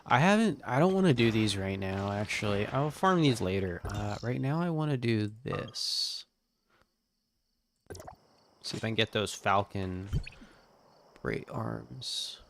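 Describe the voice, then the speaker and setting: A man streaming a game late at night, talking to himself in a relaxed, muttering way and sounding sleepy. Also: on the low side, slow, vocal fry, pauses often, slight background noise. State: sleepy, yawning. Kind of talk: casual gameplay commentary.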